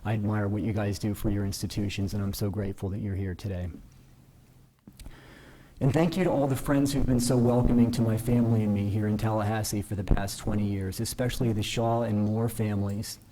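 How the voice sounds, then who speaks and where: A man's voice: fairly low pitch, steady tone, dark tone, a little hiss or hum. Earnest man giving a formal speech. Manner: measured, earnest, self-deprecating. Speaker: newly invested justice giving a speech. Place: ceremony hall.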